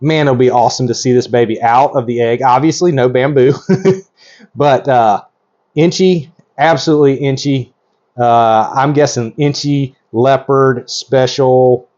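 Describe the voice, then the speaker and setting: Excitable middle-aged man rambling on. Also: medium pitch, measured pace. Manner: excitable, rambling, self-interrupting. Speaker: reptile breeder host. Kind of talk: hands-on vlog commentary. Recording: slightly dull lo-fi audio.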